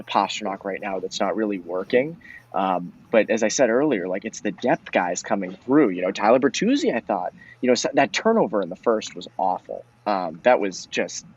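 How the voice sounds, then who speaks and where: A man's voice: on the low side, husky. A man co-hosting a postgame hockey discussion, talking casually and rambling, filling his sentences with "like" and "um". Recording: dull lo-fi audio.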